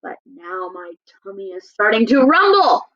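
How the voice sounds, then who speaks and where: A woman voicing a small, clever male mouse in a read-aloud picture book, speaking in a squeaky, boastful way. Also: very animated, moderate pace, a bit bright, no echo, dull audio.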